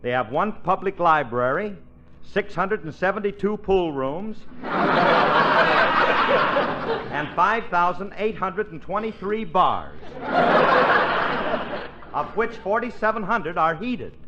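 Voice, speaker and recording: A man's voice: sits high, sing-song, slow, long pauses. Man, folksy braggart comic, 1940s radio show, muffled noisy broadcast. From Tennessee. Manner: boastful, folksy wisecracking delivery. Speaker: comedian and co-host. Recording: hissy old radio broadcast.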